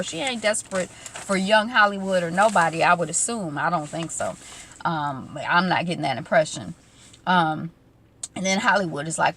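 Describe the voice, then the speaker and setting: Speaking fairly quickly in a lowish, creaky, slightly bright voice, a young woman recap vlogger chats casually about a reality show episode. She acts out the quotes and fills her retelling with ums and asides.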